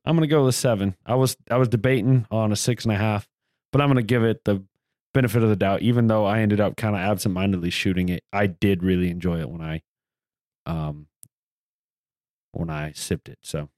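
A man's voice: fairly low pitch, steady tone, a little fast, a little mellow, no echo, clean studio sound. A man from the American South co-hosting a casual podcast, blunt and joking. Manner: blunt, joking, profane banter. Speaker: podcast co-host. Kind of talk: casual chat.

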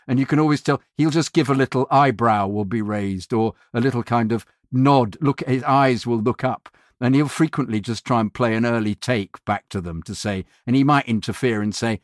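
Animated male storyteller in a dry booth. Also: mid-range voice, dry recording. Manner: animated storyteller who acts out other people's voices; halting, with many fillers and restarts. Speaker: voiceover artist. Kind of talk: casual anecdote telling.

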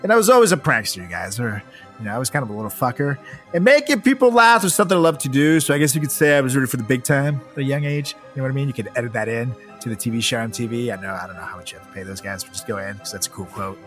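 A man's voice: mid-range voice, lively intonation, rapid-fire, a bit bright, faint music behind. A young man hosting a comedy podcast, telling a funny personal story in a profane, laughing, playful way.

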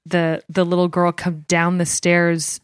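A woman's voice: on the low side, monotone, a little slow, smooth, no echo, clean studio sound. A woman guest who studies fear, chatting casually and laughing easily. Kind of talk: casual chat.

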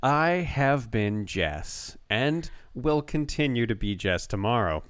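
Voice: mid-range voice, lively intonation, takes it slowly, no room sound. A podcast co-host chatting casually from a basement, laid-back with dry humor. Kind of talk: casual chat.

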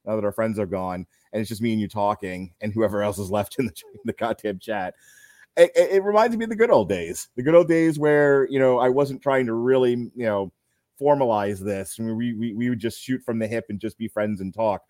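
A man's voice: fairly low pitch, a little fast, a little mellow, no echo. A middle-aged man hosting a podcast, telling stories in loose, rambling casual chat. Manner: loose, rambling storytelling, laughs a lot. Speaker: podcast host.

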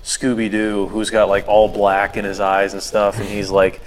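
Speaking at a moderate pace in a large hall, this male podcast co-host keeps his low-leaning voice completely flat. His casual chat wanders, peppered with "like" and "you know."

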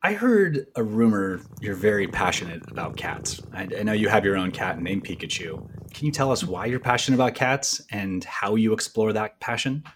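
A man's voice: lowish voice, expressive, moderate pace, hardly any pauses, fairly bright tone, slight background noise. A man hosting an interview, asking questions with enthusiasm. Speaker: interview host.

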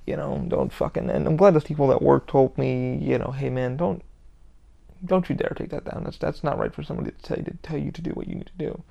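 Gravelly, profane podcast host ranting. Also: male voice, mid-range voice, warm tone. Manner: heavy swearing, rambling and emphatic. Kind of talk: casual solo podcast rant.

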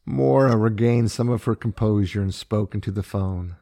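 Male storyteller, low gravelly voice, steady narration. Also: moderate pace, few pauses. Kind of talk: audiobook-style story narration.

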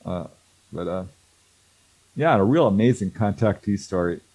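A man's voice: sits low, lively intonation, moderate pace, a little mellow, husky, poor audio. A man telling a story in casual conversation as a guest, acting out quoted voices and laughing often. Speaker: guest, researcher of contact stories.

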